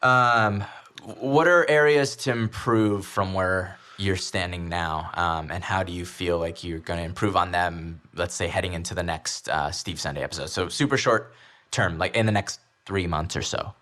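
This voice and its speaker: A man's voice: deep voice, normal speed, sharp tone. A young man hosting a podcast, talking casually about personal finance with lots of "um"s and easy laughter. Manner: laughs easily, chatty with filler ums. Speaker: podcast host.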